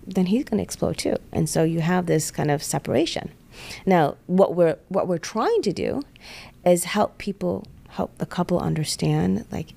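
Woman w/ a low gravelly voice, earnest therapist type, breaks down couple fights. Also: mellow. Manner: earnest, acts out spouses' voices in quick asides. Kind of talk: explanatory podcast talk.

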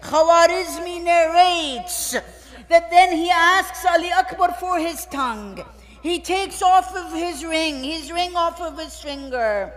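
Very high-pitched impassioned preacher in a hall. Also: slow pace. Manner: impassioned, swelling into chanted shouts of lament; weaves Arabic phrases and verses into the telling. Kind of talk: mourning sermon narration. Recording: long hall reverb.

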